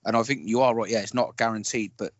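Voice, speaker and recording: A man's voice: lowish voice, fairly even intonation, fast, no room sound, lo-fi sound. A man co-hosting a casual film podcast, rambling and correcting himself as he works through strong opinions. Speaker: podcast co-host.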